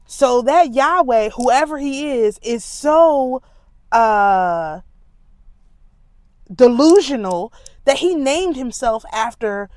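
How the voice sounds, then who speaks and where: A woman talking casually and emphatically in an indignant, animated monologue, with a congested voice. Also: a little high, dry recording. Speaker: spiritual commentator.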